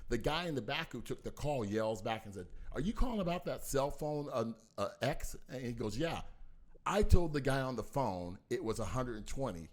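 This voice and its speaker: A man telling a personal story in casual talk, talking forcefully and acting out both sides of an argument. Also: mid-range voice. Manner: animated, acts out both sides of a dispute; talks forcefully.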